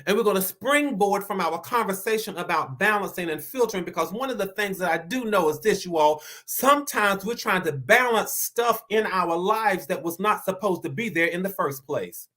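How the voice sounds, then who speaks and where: Delivering a motivational talk in the style of a sermon, this inspirational speaker has a mid-range, slightly bright voice with lively intonation. Stammering and repeating words, they slow for emphasis and climb, preacher-fashion, to emphatic declarations.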